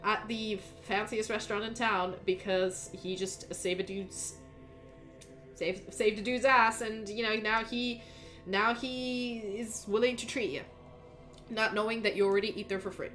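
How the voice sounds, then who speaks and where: A woman's voice: medium pitch, steady tone, measured pace, fairly bright tone. Casual woman running a tabletop game. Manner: casual, hesitant, many fillers. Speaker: game master. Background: faint background music.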